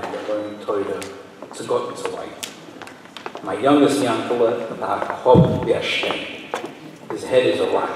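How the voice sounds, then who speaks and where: A man quietly voicing a worried mother who pleads for her youngest son, in a storytelling talk in an echoey hall. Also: medium pitch, recorded from a distance, background noise, natural voice.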